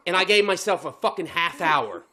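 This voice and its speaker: Brief: male podcast co-host, high voice, swings widely in pitch, swears freely and laughs through the story. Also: a little fast. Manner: heavily profane, laughing, animated storyteller. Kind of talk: casual storytelling chat.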